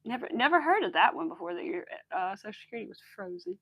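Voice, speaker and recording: A woman's voice: mid-range voice, big pitch swings, fast talker, few pauses, dull audio. A young woman chatting casually while she crafts, exclaiming often and saying y'all. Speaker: crafting vlogger.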